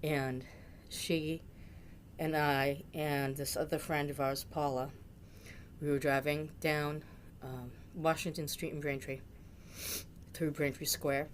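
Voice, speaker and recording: A woman's voice: deep voice, level tone, takes it slowly, pauses often, a little hiss or hum. A middle-aged woman from Massachusetts telling a funny memory about a friend, with dramatic, jokey exaggeration. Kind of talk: storytelling tribute.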